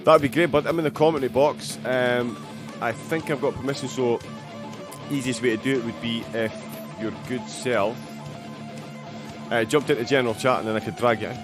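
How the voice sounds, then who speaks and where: A man's voice: medium pitch, moderate pace, pauses often, music in the background. A man commentating a sim racing event live, chatting and joking with a guest between race updates. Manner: chatty, jokey, banter-filled.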